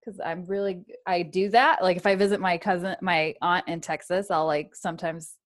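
A woman's voice: lowish voice, fairly even intonation, normal speed. Chatty woman podcast host who laughs easily. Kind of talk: casual chat.

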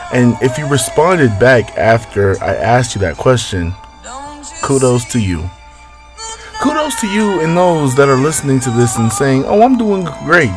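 A man hosting a casual solo podcast, rambling and swearing as he talks straight to his listeners. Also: mid-range voice. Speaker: podcast host.

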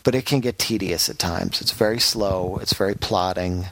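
A man's voice: sits low, moderate pace, a bit bright, dry recording. A man hosting a podcast, giving a frank, rambling game review in casual chat, with many fillers and restarts. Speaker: podcast host reviewing games.

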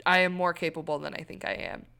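A young adult woman co-hosting a podcast, telling a personal story in casual chat with candid, animated delivery. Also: on the low side, fast, gravelly, clear, resonant tone. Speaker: podcast co-host.

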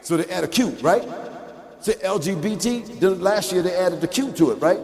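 A man preaching a lecture-style sermon, emphatic and full of rhetorical questions, sometimes rising to a shout. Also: high-pitched, expressive, normal speed, gravelly, a crowd in the background. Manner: rises into shouting at peaks. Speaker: Muslim preacher. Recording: echoey hall with long reverb.

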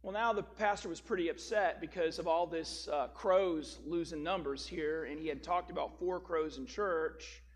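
A man's voice: on the high side, normal speed, few pauses. A man preaching a sermon as a pastor, telling a story and then explaining scripture with emphatic, rising stress on key words.

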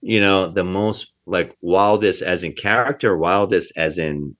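This New Jersey actor, a guest in a relaxed interview, has a low-pitched, slightly bright voice and doesn't hurry. He speaks with emphasis and tends to repeat himself, and the sound is dull and lo-fi.

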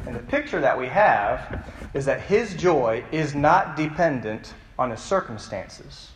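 A man's voice: a little high, big pitch swings, unhurried, echoey room, big-room sound, a little hiss or hum, rough recording. A man preaching a youth sermon as the youth pastor, telling stories in a conversational way and asking the audience questions. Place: church hall.

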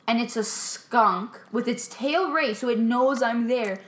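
A woman's voice: on the high side, moderate pace, hardly any pauses, slight background noise. Chatty woman in an echoey room. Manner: relaxed, chatty, says "right?" often. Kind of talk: casual storytelling chat.

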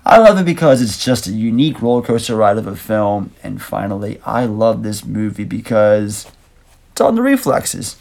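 A man's voice: fairly low pitch, moderate pace, creaky, few pauses, darkish tone. A man co-hosting a casual movie review podcast, talking in a loose, rambling, laid-back way. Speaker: podcast co-host.

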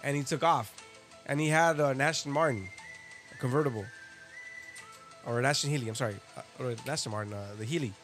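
A man's voice: medium pitch, fast talker, pauses often, fairly bright tone, soft background music. A man hosting a casual podcast, telling a story full of swearing and asides. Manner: profane storytelling, lots of swearing and laughing. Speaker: podcast host.

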